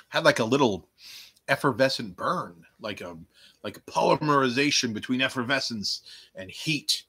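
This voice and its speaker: A man hosting a casual review podcast, his voice bright and bouncing widely in pitch. He rambles and jokes, swears freely and breaks into playful outbursts. The sound is close and dry. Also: expressive, normal speed, husky, no room sound. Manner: rambling, jokey, profane, with playful bursts. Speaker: podcast host.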